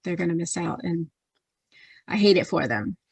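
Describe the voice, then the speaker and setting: A woman's voice: fairly low pitch, animated, normal speed, creaky, a little mellow, slightly rough, no echo. A woman co-hosting a sports podcast in casual chat, who laughs often and trails off mid-sentence. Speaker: podcast co-host.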